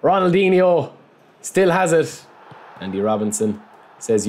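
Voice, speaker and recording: Excitable man commentating his own match. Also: medium pitch, a little slow. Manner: excitable, yelps and shouts at goals, chatty asides to viewers. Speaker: gameplay commentator. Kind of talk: casual let's-play commentary.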